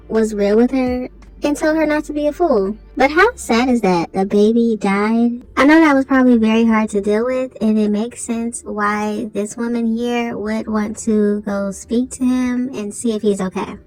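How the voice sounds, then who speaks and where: Brief: reaction host, woman, high-ish voice, soft music behind. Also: normal speed, poor audio. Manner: emphatic, questioning commentary. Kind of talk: reaction commentary.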